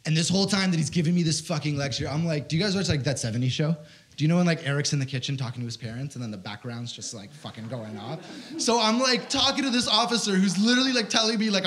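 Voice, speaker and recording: A man's voice: fairly high pitch, fast, a bit bright. A man in his twenties telling a stand-up story, rambling and profane, with lots of filler words. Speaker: comedian.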